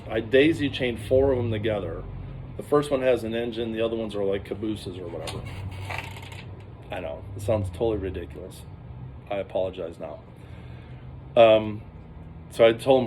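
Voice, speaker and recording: A man with a fairly low voice recounts a wild story in a loose, casual vlog style. He rambles and acts out the lines of the people he quotes. A faint noise sits under the recording. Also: a little mellow. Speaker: vlogger telling a story.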